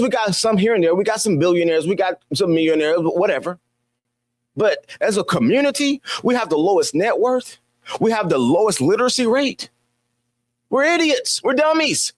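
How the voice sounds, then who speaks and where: A man's voice: fairly high pitch, no echo. A man delivering an opinion commentary monologue, exasperated and emphatic, firing rhetorical questions and repeating his points. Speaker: commentary channel host.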